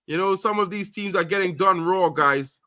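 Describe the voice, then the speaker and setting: A man streaming casual football chat, animated and slangy, calling everyone bro. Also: high voice, normal speed, no room sound. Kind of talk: casual live commentary.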